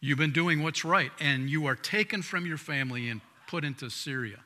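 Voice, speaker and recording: A male pastor preaching with a very bright, forceful tone and a voice pitched a little high for a man. He talks conversationally, restarting words, and moves between loud emphatic lines and hushed asides. The sound carries a long hall reverb. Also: normal speed. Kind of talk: sermon.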